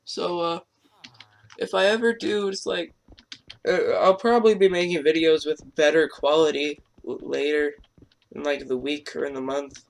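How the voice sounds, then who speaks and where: A man's voice: fairly high pitch, fairly even intonation, moderate pace, creaky. A teenage boy commenting on his own gameplay, rambling and self-deprecating, stuttering often, his throat strained. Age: teens. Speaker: gamer.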